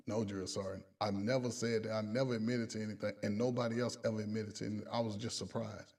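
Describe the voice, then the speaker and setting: A man's voice: on the low side, steady tone, fast, hardly any pauses, darkish tone, far from the mic. A man, a coach, casually telling profane stories, laughing along and quoting other people in his own voice. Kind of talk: casual storytelling.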